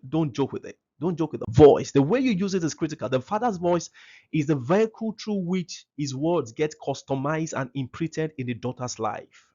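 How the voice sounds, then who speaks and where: A man's voice: medium pitch, dark tone, breathy edge, muffled recording. A man giving a seminar talk to parents, emphatic and repeating his key phrases.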